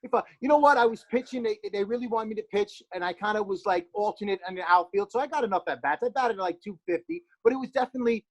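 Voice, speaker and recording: A man in his forties from New Jersey, with the accent to match, talks quickly in a fairly high voice. He guest-hosts a casual podcast, telling brash, rambling stories. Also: poor audio. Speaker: guest host.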